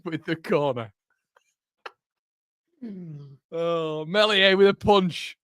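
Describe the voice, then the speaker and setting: A man's voice: fairly high pitch, dry recording, studio quality. Giggling man calling a match. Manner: casual, chatty, keeps breaking into laughter. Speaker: host. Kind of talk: live football watchalong commentary.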